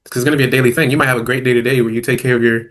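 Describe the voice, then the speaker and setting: Halting man hosting a discussion. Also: medium pitch, flat delivery, a bit bright. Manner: halting, many restarts and "like" fillers. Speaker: host. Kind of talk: casual discussion.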